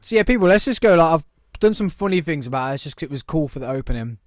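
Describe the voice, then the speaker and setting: A man's voice: a little high, expressive, very fast, no echo. A young British man hosting a casual podcast, chatty and giggly, a little tipsy, joking with his friends in a small studio. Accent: British English. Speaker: podcast host. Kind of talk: casual chat. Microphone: headphones and studio mic.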